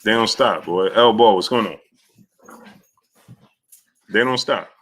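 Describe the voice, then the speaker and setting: Bright-voiced man hosting a casual stream. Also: lowish voice, slow pace. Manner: loose and rambling, with many filler sounds and restarts. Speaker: boxing talk show host. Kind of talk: casual live-stream chat, greeting viewers by name.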